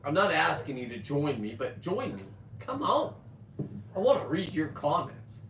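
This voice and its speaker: A man in his fifties talking casually on a live stream, rambling with loud outbursts and frequent swearing. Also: a little high, big pitch swings, moderate pace, slight background noise. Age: 50s. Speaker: livestreamer reading viewer comments. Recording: echoey, distant from the mic.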